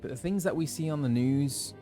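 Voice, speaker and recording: A man's voice: on the high side, fairly quick, over music. A man, an actor streaming a game, chatting casually and thinking aloud with hesitations. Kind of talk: casual gaming commentary.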